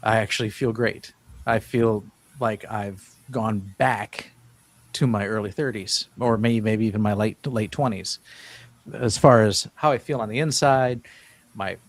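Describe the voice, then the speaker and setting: A man's voice: fairly low pitch, a little slow, dry recording. A man in his fifties, a guest in an interview, telling his story in an earnest, rambling way with many restarts. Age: 50s. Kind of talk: casual interview talk.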